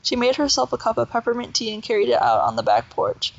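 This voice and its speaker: A woman reading a children's novel aloud in a steady, plain way with small slips. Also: a little high, fast talker, dull audio. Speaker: reader.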